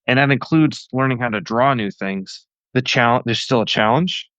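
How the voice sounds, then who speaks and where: A man's voice: mid-range voice, moderate pace, a bit bright, dry recording, highs cut off. A man talking as a guest on a podcast, enthusiastic and rambling with lots of fillers. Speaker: guest cartoonist. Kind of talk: casual podcast interview.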